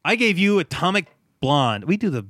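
A man's voice: sits high, very animated, moderate pace, fairly bright tone, no room sound, clean studio sound. Emphatic man hosting a movie podcast. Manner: emphatic, laughs often, urges listeners. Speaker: podcast host. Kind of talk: casual movie chat.

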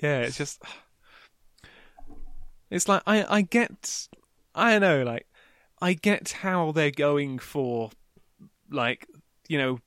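A man co-hosting a podcast, talking in a casual, animated way with frequent laughs and some swearing. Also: mid-range voice, clear, resonant tone, dry recording, clean studio sound. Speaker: podcast co-host. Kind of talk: casual book discussion.

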